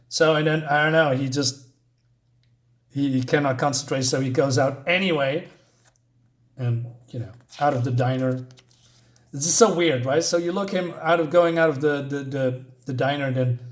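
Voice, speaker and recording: A man giving a casual spoken comic book review, rambling and ranting with lots of fillers and restarts. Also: medium pitch.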